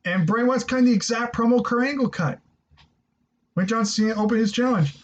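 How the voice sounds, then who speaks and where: Male reviewer, high voice, excitable rambling delivery, muffled lo-fi sound. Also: fairly quick. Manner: excitable, rambling, swears freely. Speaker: wrestling show reviewer. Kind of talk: casual spoken review. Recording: dull lo-fi recording.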